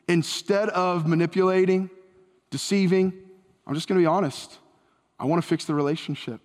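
A fairly high-pitched man preaches from the pulpit, and his words trail into a long hall reverb. He retells an old story with animated, acted-out dialogue. The sound is that of a church sanctuary. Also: moderate pace. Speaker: pastor. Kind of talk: sermon.

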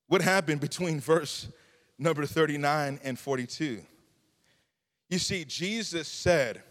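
A man's voice: a little high, moderate pace, fairly bright tone. A man preaching a sermon in a church, with a fervent, repetitive preaching cadence. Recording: long hall reverb.

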